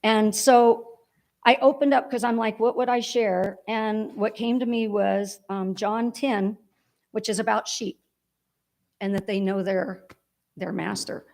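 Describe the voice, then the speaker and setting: A woman's voice: mid-range voice, fairly even intonation, unhurried, darkish tone. A woman giving a heartfelt, rambling eulogy for her father at a church memorial service.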